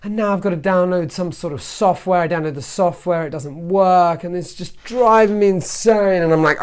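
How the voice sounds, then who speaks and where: A man's voice: high voice, moderate pace, few pauses, smooth. A man talking casually to camera as a self-help vlogger, telling a story and often checking in with "right?". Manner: chatty, keeps asking "right?".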